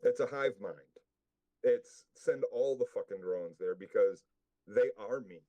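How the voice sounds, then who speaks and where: A man's voice: lowish voice, measured pace, dull audio. A man co-hosting a casual recap, blunt and profane in his opinions. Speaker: podcast co-host.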